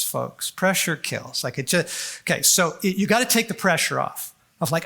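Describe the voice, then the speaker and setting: A man speaking at a conference on faith, animated and folksy, full of quick asides and acted-out prayers. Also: high-pitched, gravelly. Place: large conference hall.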